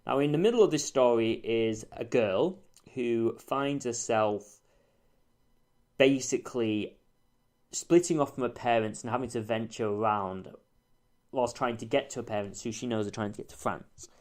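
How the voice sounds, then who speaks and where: Speaking at a moderate pace in a medium-pitched, darkish voice, a TV show reviewer gives a relaxed spoken take on an old series. He chooses his words with care and keeps stopping mid-sentence to correct himself.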